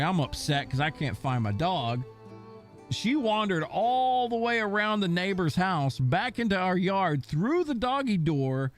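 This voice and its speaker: Animated, swearing young man telling stories. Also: high voice. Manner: rambling, profane storytelling. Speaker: gaming streamer. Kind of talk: casual stream chat. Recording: faint music behind.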